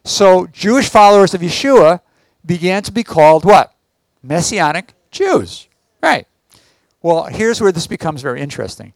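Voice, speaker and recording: High-pitched guy preaching a teaching sermon, keeps asking everybody follow that, dry sound. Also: no echo. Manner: asks the audience check questions. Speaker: Messianic teacher.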